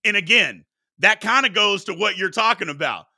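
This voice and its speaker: A man's voice: sits high, expressive, normal speed, gravelly, pushed and bright, no room sound, clean studio sound. A man hosting a sports talk show, arguing heatedly with his chat and preaching about respect. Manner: combative, preachy, exclaims "Lord have mercy".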